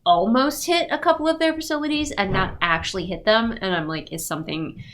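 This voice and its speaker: A woman's voice: fairly high pitch, fairly quick, a bit bright, slight background noise. A congested woman giving a sarcastic recap of a novel, mocking the characters in put-on voices. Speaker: book reviewer. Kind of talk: sarcastic book recap commentary.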